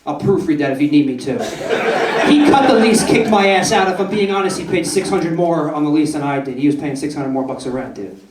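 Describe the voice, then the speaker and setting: A brash young man working a stand-up crowd, swearing freely and tossing "right?" at the audience. His voice sits slightly high for a man. It comes from a little way off the mic and rings in a roomy club. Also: expressive, brisk, recorded from a distance. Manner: profane, brash, keeps asking the crowd "right?". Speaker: stand-up comedian. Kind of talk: stand-up comedy set. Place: comedy club stage.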